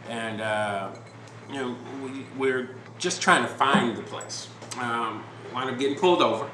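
A man hosting a podcast, telling a story in a relaxed, rambling way with lots of fillers and restarts. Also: mid-range voice, unhurried. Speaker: podcast host. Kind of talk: casual storytelling chat. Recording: roomy with background noise.

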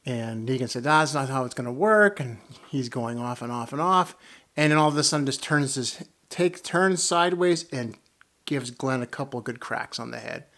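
A man's voice: mid-range voice, moderate pace, a bit bright. A man giving a casual, rambling review of a TV episode, chuckling as he retells the scenes. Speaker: TV show reviewer. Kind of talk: casual spoken review and rant.

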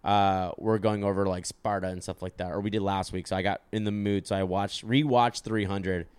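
A young man hosting a casual chat, telling stories in an animated, profane way and acting out quotes. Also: low voice, normal speed, clear, resonant tone, no room sound.

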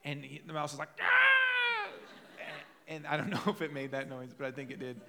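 A man's voice: mid-range voice, fairly even intonation, rapid-fire, background noise. A man preaching a sermon in a conversational, storytelling way, acting out quoted voices. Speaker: pastor.

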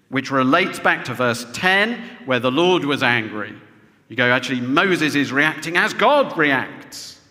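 A man's voice: high-pitched, sharp tone. A man preaching a sermon to a congregation, often ending points with rhetorical tag questions. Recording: long reverb of a large hall.

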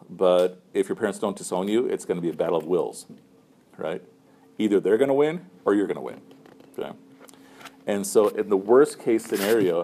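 A man's voice: low voice, dark tone, slight background noise. A middle-aged man, a Muslim chaplain, giving students casual, conversational advice and often checking in with "right?" and "okay?". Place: room with a student group.

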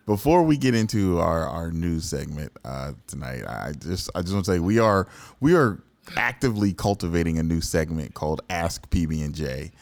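A man with a very low voice co-hosts a casual podcast, stumbling over repeated words as he gets going. He sounds close and dry on the microphone, with no room around him. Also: big pitch swings, no room sound. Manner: halting, repeats words, laughs often. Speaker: podcast co-host.

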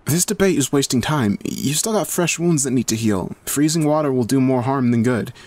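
A man voicing a calm, capable woman who speaks firmly and matter-of-factly. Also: medium pitch, moderate pace, no room sound, pitched above the performer's own voice, lightly acted.

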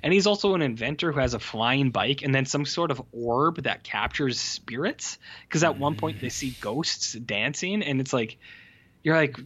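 A man's voice: medium pitch, lively intonation, moderate pace, fairly bright tone, husky. A man co-hosting a podcast, griping about a film in casual, profane chat full of fillers. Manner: profane, exasperated, lots of fillers. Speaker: podcast co-host.

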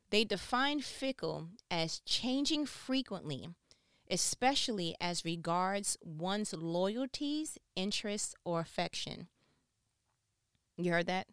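Lively woman host, smooth dry voice. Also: medium pitch, no room sound. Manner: animated, playful, acts out quotes. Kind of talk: casual monologue commentary.

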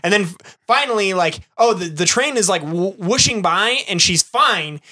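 A man's voice: high voice, animated, moderate pace, pushed and bright. A young man co-hosting a casual comedy podcast, laughing often and poking fun at a movie. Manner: giggly, mocking. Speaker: podcast co-host.

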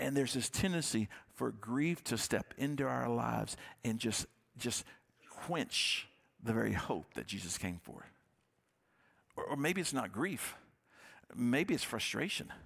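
A man preaching a sermon, his voice gravelly with a husky edge. He speaks as a pastor in an earnest, conversational way and circles back on his own phrases. His pitch sits at an ordinary middle level for a man. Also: animated, measured pace, fairly bright tone.

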